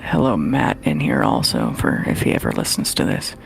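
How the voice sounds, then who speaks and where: A woman co-hosting a podcast, chatting playfully and teasing in quick bursts. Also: extremely low pitch, wildly swooping pitch, creaky, faint music behind. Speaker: podcast co-host. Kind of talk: casual chat.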